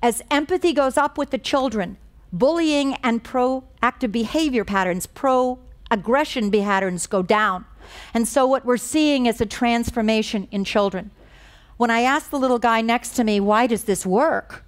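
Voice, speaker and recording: A woman's voice: on the high side, a little slow. A woman giving a lecture on moral education, telling stories in an earnest, emphatic way. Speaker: guest speaker on moral education. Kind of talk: lecture with storytelling.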